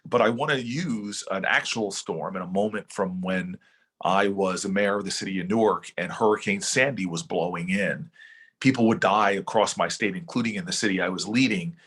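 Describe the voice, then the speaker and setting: A middle-aged man, a senator, giving an oratorical motivational speech that slows for emphasis and then speeds up. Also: low voice, fairly bright tone, husky. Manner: oratorical, shifts between slow emphatic phrases and quick runs. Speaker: senator and keynote speaker.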